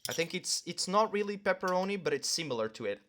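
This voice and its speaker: A man's voice: high-pitched, big pitch swings, fast talker, a bit bright, a little hiss or hum. A young man vlogging casually to the camera while eating lunch at home, rambling with lots of fillers and talking with his mouth full.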